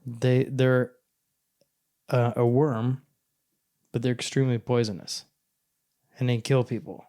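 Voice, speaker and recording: A man's voice: medium pitch, little pitch movement, unhurried, mellow. Rambling, jokey male podcast storyteller. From born in St. Louis, raised in western Oklahoma. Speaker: podcast co-host. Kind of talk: casual podcast chat.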